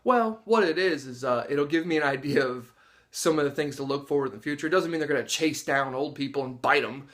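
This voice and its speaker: His voice is fairly high, fairly bright and fairly quick as this dog trainer casually explains to the camera how he trains and tests dogs. He dramatizes the reactions of dogs and people with gasps and laughter.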